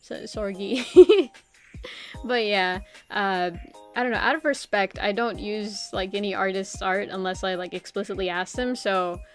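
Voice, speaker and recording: A young woman streamer with a medium-pitched voice chats at a measured pace over faint background music. Her casual live-stream talk rambles, is packed with "like," and is broken up by frequent laughs.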